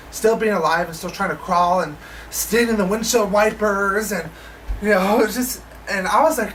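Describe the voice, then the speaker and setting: A woman tells a story to camera in a loose, casual way. She acts out quoted lines and drops the odd swear word. Her pitch sits in the middle, and a faint hum stays in the background. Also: a bit bright, distant mic, poor audio. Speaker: vlogger. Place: living in Las Vegas.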